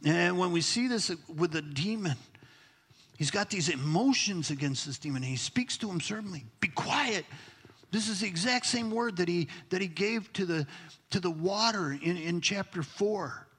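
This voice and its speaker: A man preaches a sermon from the pulpit, his voice a touch high and husky. He presses his points hard, then sinks to a near-whisper for effect. A long hall reverb rings behind every phrase. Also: animated, moderate pace, fairly bright tone. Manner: emphatic, drops to near-whisper for stress. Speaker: pastor. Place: church sanctuary.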